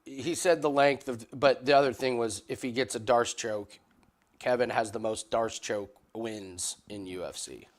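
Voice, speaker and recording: A man with a mid-pitched, ordinary voice talks through a live fight on a betting stream. He restarts his sentences often, stumbling over the first words before he gets going. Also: a little slow. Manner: stammering restarts, bursts of excited laughter. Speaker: host and betting analyst.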